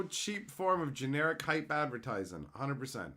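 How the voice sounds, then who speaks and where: A man's voice: mid-range voice, sing-song, moderate pace, pushed and bright. A man hosting a live stream, ranting in a sarcastic, profane way and answering chat as he goes. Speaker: streamer host. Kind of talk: profane livestream rant.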